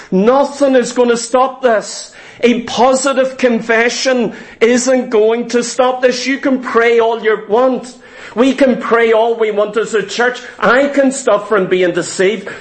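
A man preaching a sermon, emphatic and deliberate, repeating phrases for stress. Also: very high voice, poor audio. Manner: slow, deliberate delivery.

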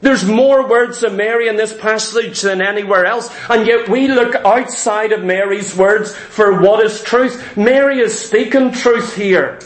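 A man's voice: sits high, unhurried, hardly any pauses. A man preaching a sermon in a church hall, emphatic and repetitive, full of rhetorical questions. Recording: roomy echo.

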